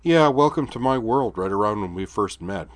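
A man reading a story aloud, voicing a young woman scientist in a raised, brightened voice. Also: on the low side, lively intonation, moderate pace, no echo, lightly acted. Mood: wry.

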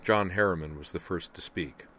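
Deep-voiced male audiobook narrator. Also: normal speed, sharp tone. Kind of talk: scripted narration.

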